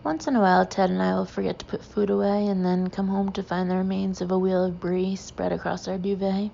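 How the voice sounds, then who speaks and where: A woman narrating a humorous memoir audiobook with a dry, deadpan delivery. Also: mid-range voice, a little fast, gravelly, muffled recording, a little hiss or hum.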